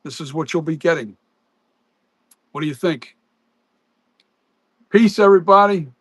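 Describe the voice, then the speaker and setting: A man chats casually on a live stream about his mask work. He rambles, trails off and restarts his sentences. His voice sits fairly high, and the sound is dry with no room echo. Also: moderate pace, breathy edge.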